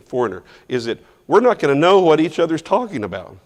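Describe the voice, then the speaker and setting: A man's voice: fairly high pitch, big pitch swings, fast, hardly any pauses. A man teaching a Bible class verse by verse in a loose, conversational way, restarting phrases and putting questions to the class. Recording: long reverb from a large hall.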